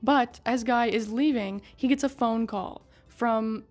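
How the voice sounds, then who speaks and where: A woman giving a casual, excitable recap of a story, swearing, laughing and talking back to the characters. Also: fairly high pitch, measured pace, faint music behind.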